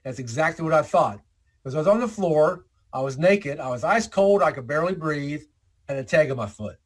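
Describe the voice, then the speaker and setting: A man giving a storytelling talk to a club, animated and acting out the dialogue he quotes. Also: fairly high pitch, a little fast. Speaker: guest speaker.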